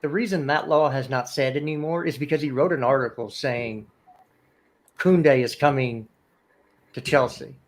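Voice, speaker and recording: A man on a fan livestream making his points in a measured, deliberate way, sometimes stumbling over names. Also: medium pitch. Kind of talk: casual debate.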